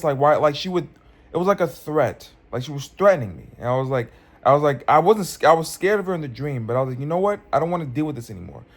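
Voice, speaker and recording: Young male vlogger, slightly high voice, rambling dream storyteller on a phone mic. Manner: rambling, many restarts and fillers.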